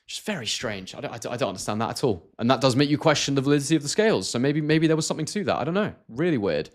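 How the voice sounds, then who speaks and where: A Scottish man with a mid-range voice hosts a casual live stream, very animated and rapid-fire. He reads out viewer comments, talking with many hesitations and restarts.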